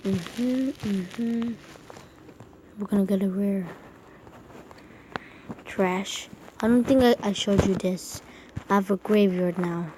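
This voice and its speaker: A woman's voice: medium pitch, fairly even intonation, unhurried, long pauses. A woman giving casual gameplay commentary at home, rambling and correcting herself while keeping her voice down. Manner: rambling, self-correcting, talking quietly. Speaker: mobile game YouTuber. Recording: noisy home recording with clicks.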